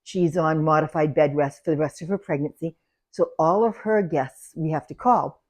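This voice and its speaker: A woman's voice: deep voice, normal speed. Older woman telling salon stories. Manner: animated, laughs through anecdotes, loud when acting out yelling. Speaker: salon owner. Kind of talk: casual storytelling.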